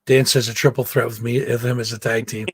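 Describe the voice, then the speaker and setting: A man hosts a casual podcast from a home studio, speaking in a mid-pitched voice. He swears freely and acts out each quote as he spins a story. The sound is dry and close, with no room around it. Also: flat delivery, quick pace, breathy edge, no echo. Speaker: podcast host. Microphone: own mic, mutes it to vape.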